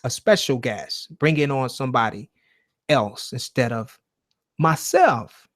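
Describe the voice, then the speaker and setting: A man's voice: medium pitch, expressive, measured pace, fairly bright tone. A man hosting a live call-in show from home, talking in a casual, rambling and profane way. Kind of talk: casual livestream talk.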